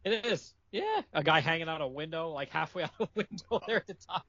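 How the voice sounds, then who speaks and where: A man's voice: on the high side, expressive, a little fast, sharp tone, no echo. Laughing man on dry lo-fi audio. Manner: knowledgeable, laughs often, short agreeing replies. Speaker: podcast co-host. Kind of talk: casual chat about comics. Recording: dry, dull lo-fi podcast audio.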